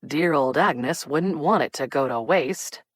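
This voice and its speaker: Picture a smug young playboy drawling lines to charm a table of guests, as a woman narrator puts him on. The voice sits deep and unhurried, each word stretched with self-satisfaction. It is recorded dry and close, with no room around it. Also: no echo. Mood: breezy. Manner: slow, drawling and theatrical. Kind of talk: audiobook character reading.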